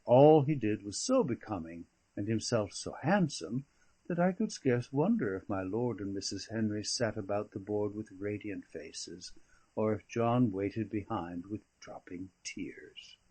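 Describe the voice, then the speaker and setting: Reading a classic novel aloud for an audiobook, a man with a lowish voice and a breathy edge tells the story in a measured, expressive way, with no echo present.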